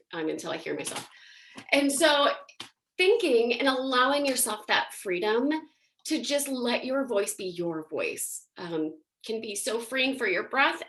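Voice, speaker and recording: A woman's voice: a little high, a bit bright. A woman teaching a singing and voice workshop in a casual, chatty way, often using fillers. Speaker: singing and voice instructor.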